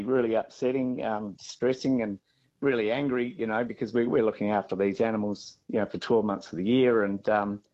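A man with an Australian accent, a farmer being interviewed, talking haltingly with many fillers and restarts. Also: on the low side, a little mellow, highs cut off.

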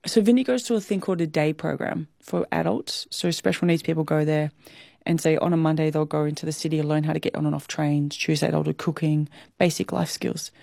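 An Australian woman in her thirties appears as an interview guest, speaking candidly and emotionally and laughing readily. Her low voice is steady and warm with vocal fry, recorded dry with clean studio sound.

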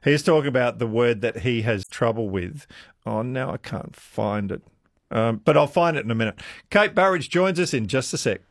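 A man hosts talk radio from a dry studio, upbeat and conversational. His voice sits at a middle pitch, close on the studio microphone with no room sound. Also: lively intonation, moderate pace, no room sound. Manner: upbeat, conversational, reads out listener texts. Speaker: radio show host.

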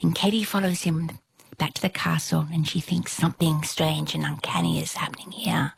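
A woman's voice: low voice, steady tone, normal speed, creaky, a little hiss or hum. A woman telling a folktale aloud in a dramatic way, often dropping to a whisper for suspense. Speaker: storyteller. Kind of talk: oral folktale storytelling.

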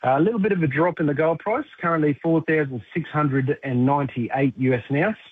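A man giving a brisk, matter-of-fact market update, reading out prices. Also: on the high side, slightly rough, no room sound. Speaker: finance commentator. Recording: tinny phone line.

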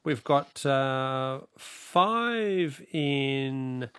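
A man's voice: mid-range voice, lively intonation, very slow, a bit bright, smooth, no echo. A man with an Australian accent hosting a radio call-in quiz, chatting with callers and reading out the questions. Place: radio studio.

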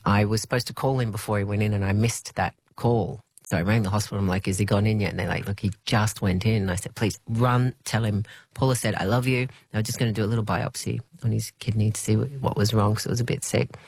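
Husky-voiced woman telling a personal story. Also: a bass voice, steady tone, darkish tone, dry recording. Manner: reflective, halting, with restarts and quoted dialogue. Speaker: interview guest.

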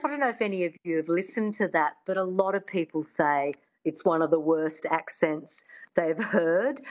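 A woman guest on a radio interview talks keenly about her work and readily agrees with the callers. Her voice sits on the low side, and the recording sounds dull and muffled. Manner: enthusiastic, agreeable. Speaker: accent coach guest.

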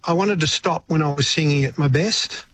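A man's voice: on the high side, moderate pace. An older man with an Australian accent speaks in a slightly raised register. He reflects on things at an easy pace and often repeats himself as he restarts a thought. There is faint background noise. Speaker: guest musician. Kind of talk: radio interview chat.

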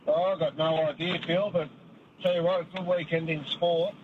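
A man's voice: a little high, little pitch movement, normal speed. A man with an Australian accent calling a radio show in a casual, matey way. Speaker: radio caller. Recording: phone line with traffic noise.

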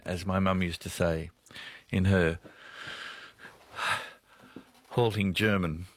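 A man's voice: low voice, steady tone, takes it slowly, pauses often, dry recording, clean studio sound. A man with an Australian accent hosting a radio show, telling rambling stories and chuckling as he talks with callers. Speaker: radio host. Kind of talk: casual radio chat.

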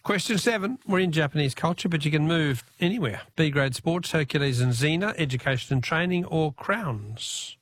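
A man's voice: on the high side, lively intonation, normal speed, few pauses, a bit bright, dry recording. A man with an Australian accent hosting a talkback radio quiz, chatty, reading out listener texts and taking callers. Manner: chatty, reads texts aloud, laughs easily.

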